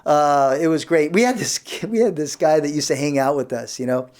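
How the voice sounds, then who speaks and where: A man in his fifties hosting a comedy show, telling rambling stand-up stories about high school. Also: brisk, darkish tone. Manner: rambling, self-interrupting. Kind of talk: stand-up storytelling.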